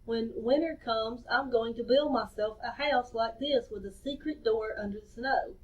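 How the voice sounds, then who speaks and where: A small young hare, a boy who is eager to play but timid about danger, as a woman reads him aloud. His voice sits high. The sound is dull and taken from a distance. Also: moderate pace, natural voice.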